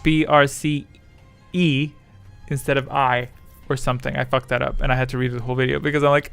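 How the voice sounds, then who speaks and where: A man's voice: medium pitch, little pitch movement, brisk, gravelly, fairly bright tone, clean tone, soft background music. A man streaming live, rambling in casual chat, swearing freely and reading viewers' messages aloud.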